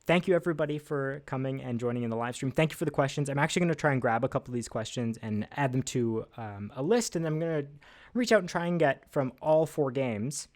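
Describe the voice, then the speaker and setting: A man's voice: mid-range voice, fast talker, darkish tone. Chatty man hosting a livestream trivia. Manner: chatty, upbeat, self-deprecating, with frequent fillers. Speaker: livestream host. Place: at a desk indoors.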